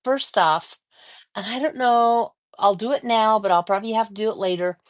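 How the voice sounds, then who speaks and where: A woman's voice: a little high, normal speed. A woman hosting a casual quilting livestream from her home studio, chatting and greeting viewers by name. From American Mountain West. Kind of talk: casual live-stream chat greeting viewers.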